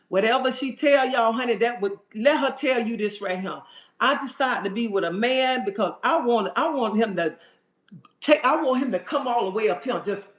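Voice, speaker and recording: Sassy high-voiced man ranting. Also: fairly bright tone. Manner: sassy, emphatic, keeps asking "okay?" and saying "honey". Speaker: livestream host. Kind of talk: livestream rant to viewers. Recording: roomy echo.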